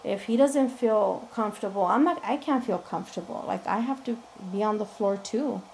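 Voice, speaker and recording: Gravelly-voiced woman telling a personal story. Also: medium pitch, normal speed, darkish tone, slight background noise, poor audio. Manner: candid, frank, often quotes people in conversation. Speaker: interview guest.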